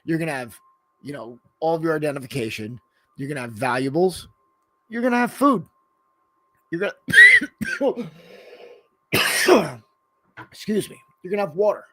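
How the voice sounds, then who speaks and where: A man's voice: fairly high pitch, animated, moderate pace, pauses often, fairly bright tone. A man co-hosting a podcast in loose, rambling casual chat, swearing freely and filling gaps with "you know.". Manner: rambling and profane, full of "you know" fillers. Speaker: podcast co-host.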